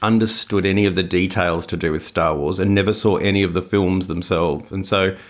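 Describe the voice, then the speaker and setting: A man's voice: low-pitched, steady tone, a little fast. A man co-hosting a podcast, telling stories in casual chat and laughing often. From Australia. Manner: chatty, storytelling, laughs often. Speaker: podcast co-host.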